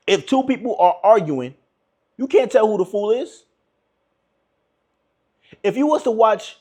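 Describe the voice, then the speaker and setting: A man's voice: sits high, dark tone. A young man giving relationship advice to viewers in a casual, emphatic monologue, repeating his points and calling listeners bro.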